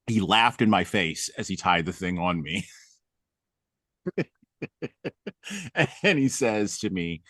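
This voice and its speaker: A man's voice: low voice, animated, slow pace, long pauses, a bit bright, no echo, clean studio sound. A man hosting a podcast, chatting casually and telling humorous stories with self-deprecating jokes. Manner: humorous storytelling. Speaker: podcast host. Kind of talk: casual conversation.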